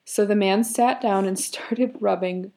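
Gravelly-voiced woman telling a story. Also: medium pitch, measured pace, warm tone. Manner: giggly, with frequent fillers and laughs. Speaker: podcast co-host. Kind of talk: casual chat and story retelling.

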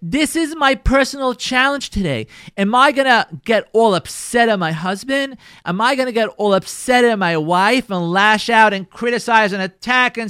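A man's voice: very high-pitched, moderate pace, few pauses, clean tone, no room sound, studio quality. A middle-aged man, a rabbi teaching a Torah class on marriage, acting out everyday scenarios and repeating phrases for emphasis. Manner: animated, acts out everyday scenarios.

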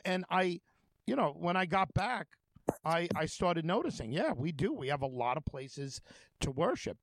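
A man's voice: fairly high pitch, animated, normal speed, no room sound. A man hosting a talk show, telling stories in a rambling, conversational way with many fillers and restarts. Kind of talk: casual conversation.

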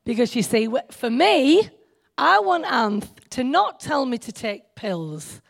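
Lively, gravelly-voiced woman preaching. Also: sits high, slow. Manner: chatty, joking, self-deprecating, speaks to the audience directly. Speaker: speaker at a church meeting. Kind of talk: informal sermon.

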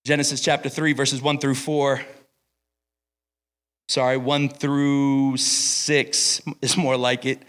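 A young man preaching at a summer camp service, energetic and playful, calling himself over the top. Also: medium pitch, slow. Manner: energetic, playful, self-described as extra. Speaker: camp speaker. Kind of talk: sermon.

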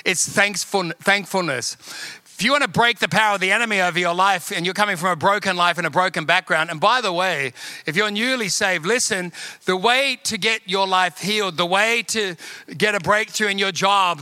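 Bright, high-voiced pastor preaching. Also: male voice, no echo. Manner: emphatic, repetitive exhortation to the congregation. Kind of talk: sermon.

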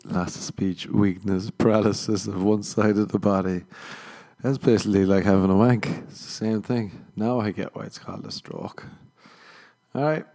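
A man's voice: fairly low pitch, fairly even intonation, normal speed, dark tone. Crude laughing podcast guy. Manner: crude, rambling, laughs at his own jokes. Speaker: podcast host. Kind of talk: casual solo podcast banter.

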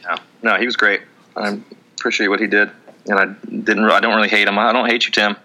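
A man's voice: on the low side, level tone, fast talker, sharp tone. A man co-hosting a casual podcast, rambling and self-mocking, acting out his own past lines. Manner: rambling, self-mocking, quotes himself in bits. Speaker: podcast co-host. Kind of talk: casual chat.

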